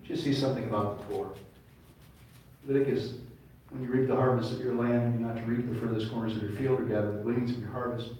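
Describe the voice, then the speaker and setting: A man's voice: medium pitch, steady tone, quick pace, mellow. Male rabbi, sermon, call-and-response; roomy distant hall sound. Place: large congregation hall. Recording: echoey hall, mic far off.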